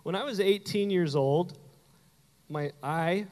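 A man from Canada preaching a sermon, telling a personal story with animated delivery and acted-out quotes. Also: high-pitched, takes it slowly, in a large hall. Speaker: pastor.

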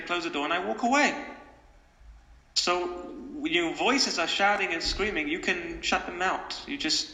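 Bright-voiced man, animated, echoey room. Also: on the high side, measured pace. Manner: animated, acts out quoted voices, repeats phrases. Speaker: interview guest. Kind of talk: conversational interview advice. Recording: echoey room with long reverb.

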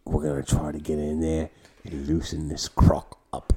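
A man's voice: very deep voice, flat delivery, normal speed, warm tone, breathy edge. A man putting on a jokey Australian accent, playing a brash wildlife show host. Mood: hammy. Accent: put-on Australian. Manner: jokey, hammy impression.

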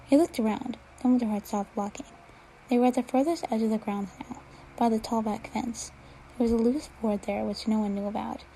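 A woman reading fan fiction aloud at an unhurried pace, dropping to a whisper now and then. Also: a little high, steady tone, dark tone, slight background noise, low-quality recording. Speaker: reader.

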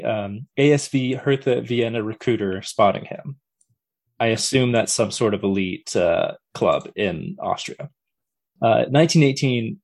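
A man's voice: fairly low pitch, a little mellow. A man hosting a casual podcast chat, reading notes and breaking off with jokes and questions. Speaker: podcast host.

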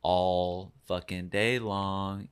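A man's voice: deep voice, level tone, very slow, clear, resonant tone. A man co-hosting a podcast, talking earnestly and enthusiastically in casual chat. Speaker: podcast co-host.

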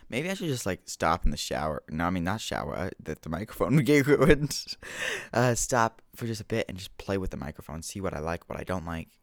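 A man with a low, gravelly voice rambles alone at home into a desk microphone. He drifts between goofy asides and self-mocking jokes. The sound is close and dry. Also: sing-song, a little fast, no room sound. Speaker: solo podcaster. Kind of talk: casual solo rambling. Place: home room with washer and dog. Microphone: desk mic with gain control.

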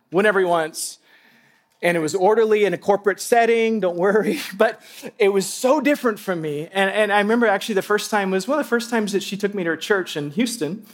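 A pastor preaching to a congregation in church, telling stories with lively asides and laughter and speaking straight to the people in front of him. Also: male voice, high-pitched. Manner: animated storytelling with asides and laughter. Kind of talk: sermon.

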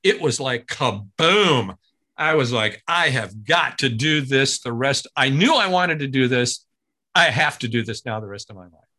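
A man from Ohio, a guest who works as a voice announcer, telling a story with lively energy and acting out other people's lines. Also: medium pitch, a little slow. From Ohio, USA. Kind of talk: animated storytelling in casual chat.

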